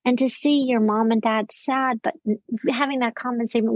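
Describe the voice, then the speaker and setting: A woman psychiatrist and parenting expert, a guest in a podcast interview, talking in a lively storytelling way. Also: on the high side, brisk, dry recording. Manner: warm-hearted storytelling, lively, quotes people in acted voices. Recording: dry, slightly dull recording.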